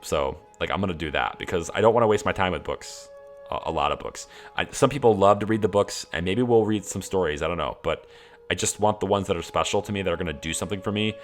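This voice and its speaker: Male streamer, deep voice, casual enthusiastic rambler, faint background music. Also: quick pace. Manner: rambling, enthusiastic, many fillers and restarts. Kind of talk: casual walkthrough of game mods.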